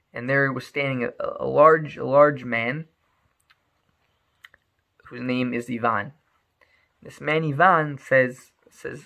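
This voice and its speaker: Male storyteller, animated, stammery restarts, gravelly tone. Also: mid-range voice. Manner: animated, repeats words often.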